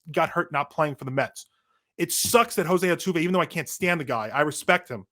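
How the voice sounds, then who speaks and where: A man co-hosting a sports podcast, ranting in a casual, animated way with frequent restarts, his voice going hoarse. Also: on the high side. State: losing his voice. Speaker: podcast co-host.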